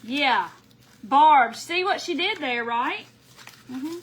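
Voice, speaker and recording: A woman's voice: high-pitched, lively intonation, slow, poor audio. A woman hosting a casual craft livestream, chatting and laughing with viewers by name while she works. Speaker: craft tutorial host.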